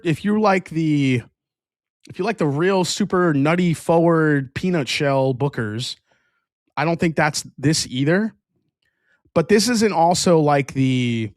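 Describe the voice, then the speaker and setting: A man's voice: fairly high pitch, no echo, clean studio sound. A man hosting a whiskey review livestream in a casual, rambling way, often restarting sentences and answering chat.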